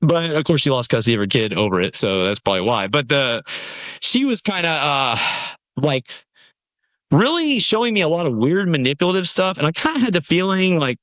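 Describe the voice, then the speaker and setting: Animated man telling a story. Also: fairly high pitch, a little fast, dry recording. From Nashville, USA. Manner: animated storyteller, acts out quoted voices. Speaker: podcast guest, musician. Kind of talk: casual storytelling conversation.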